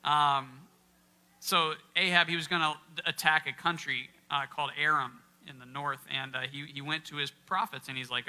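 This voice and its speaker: A man's voice: on the high side, fairly even intonation, moderate pace, pushed and bright. A man giving an interactive Bible teaching talk to a live audience in a church, quizzing listeners and stressing key words in a conversational way. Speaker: workshop speaker.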